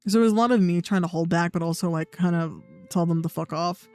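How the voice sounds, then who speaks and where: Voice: medium pitch, fast talker, darkish tone, dry recording. A young adult livestreamer, in blunt, profane, sarcastic casual chat. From United States. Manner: sarcastic, mocking mimicry of others. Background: faint background music.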